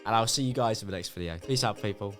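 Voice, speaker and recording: A man's voice: on the low side, fast, fairly bright tone, soft background music. A man doing a reaction commentary, ranting in a sarcastic, exaggerated way. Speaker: YouTube commentator.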